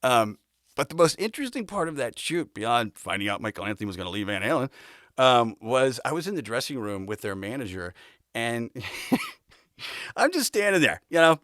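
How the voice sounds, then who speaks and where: Laughing storyteller man, lively pitch. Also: moderate pace, dry recording, clean studio sound. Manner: rambling, laughing anecdotes with acted-out quotes. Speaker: podcast host. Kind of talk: casual storytelling.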